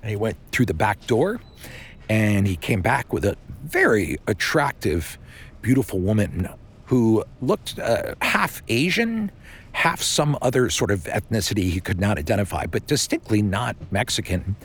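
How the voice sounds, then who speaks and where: A man's voice: lowish voice, very animated, measured pace, breathy edge. A man casually improvising a bedtime story, rambling with many fillers.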